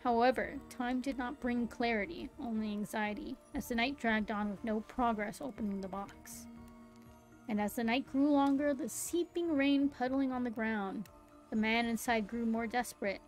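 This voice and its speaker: Her voice is on the high side and somewhat dark, moving at a moderate pace through a theatrical reading of a game's story. This young streamer stops every so often for giggly, amused comments. Faint background music is audible, and the audio quality is poor.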